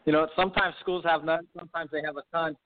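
A man hosting a sports interview, rushing through his enthusiastic, rambling questions at a fast clip. His voice comes through a thin, tinny phone line. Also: on the high side, little pitch movement. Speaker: podcast host.

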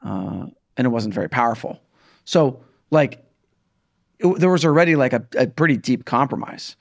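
Guy w a gravelly voice rambling about politics, lots of like and right, keeps restarting. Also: mid-range voice, lively intonation, moderate pace. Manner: hesitant, restarts, many fillers like "like" and "right". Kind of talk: casual political chat.

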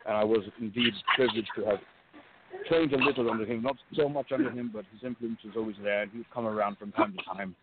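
A man being interviewed as a guest, telling stories in an earnest, measured way over the phone. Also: fairly low pitch, steady tone. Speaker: guest wrestler and coach. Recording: tinny phone line with hiss.

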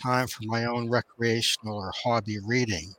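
An older man in his seventies speaks with an accent that sits between Canadian and Australian, at a middle pitch. He answers in a measured, formal manner. The sound is dry and close. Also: steady tone, a bit bright, no echo. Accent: mixed Canadian and Australian. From Thunder Bay, Canada. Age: 70s. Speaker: guest author. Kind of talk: interview answers.

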